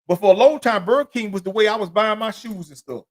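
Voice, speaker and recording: High-voiced man telling street stories. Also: fast. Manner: loose, profane street storytelling; rambling, repeats "you know what I'm saying". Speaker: podcast host. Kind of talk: solo podcast monologue.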